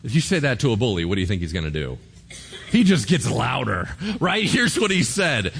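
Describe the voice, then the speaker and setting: A man's voice: on the low side, big pitch swings, a little fast, gravelly, a little hiss or hum. A man preaching a sermon in a casual, conversational way, with slang and playful asides. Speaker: pastor.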